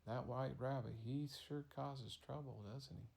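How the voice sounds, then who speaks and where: A man voicing a polite, curious young girl in a bedtime story, in a plain, mild, quiet way. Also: medium pitch, steady tone, a little slow, gravelly, slight background noise.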